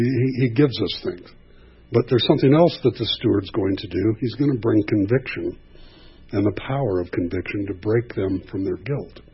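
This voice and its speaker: A man's voice: mid-range voice, slightly rough, muffled recording. A man preaching a sermon in a conversational way, acting out quoted voices.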